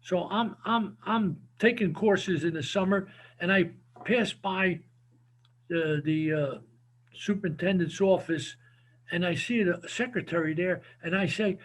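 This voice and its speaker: A man, telling animated stories as an interview guest and often repeating his words. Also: high voice, measured pace. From New Jersey. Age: 70s. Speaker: guest, former football coach. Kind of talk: casual storytelling interview.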